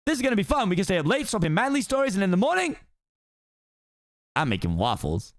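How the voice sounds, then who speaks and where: A tipsy man voicing a chatty, excitable male donkey that talks fast and eagerly. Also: high-pitched, exaggerated voice.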